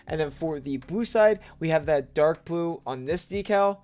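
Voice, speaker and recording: A young man hosting a gaming channel, giving an enthusiastic casual commentary voice-over with bouncy jumps in pitch. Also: lively intonation, measured pace, darkish tone.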